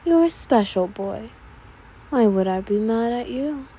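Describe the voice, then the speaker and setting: A woman voicing a calm, commanding goddess who speaks in a slow, purring, indulgent manner. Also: fairly high pitch, slight background noise, poor audio.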